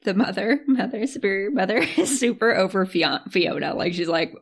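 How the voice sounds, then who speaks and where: A woman's voice: medium pitch, lively intonation, moderate pace, gravelly, husky. A woman co-hosting a podcast, casually recapping a film with frequent laughs. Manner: chatty, laughs often while recapping. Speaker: podcast co-host.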